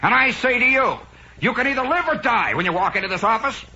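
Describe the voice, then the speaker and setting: Man playing a curt, shouting TV doctor who barks orders; old dull radio sound. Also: extremely high pitch, lively intonation, very fast, pitched above the performer's own voice, heavily acted. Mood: barking. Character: gruff, barking male TV doctor. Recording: dull lo-fi radio broadcast with faint hiss.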